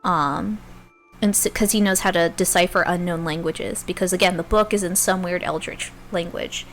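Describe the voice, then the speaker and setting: A woman streamer casually recapping a video game, animated and freely swearing, telling it like a story. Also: fairly low pitch, normal speed, soft background music.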